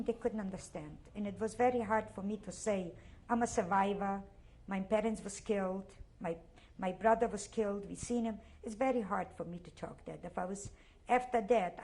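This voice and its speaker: An older woman with a Polish accent speaks in a halting, emotional way, circling back and repeating phrases. Her voice sits at an ordinary middle pitch. She is a survivor giving an oral history interview. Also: dark tone. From Poland.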